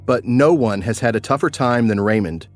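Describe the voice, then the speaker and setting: A man hosting a podcast, delivering scripted narration in a measured storytelling manner. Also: mid-range voice, lively intonation, faint music behind.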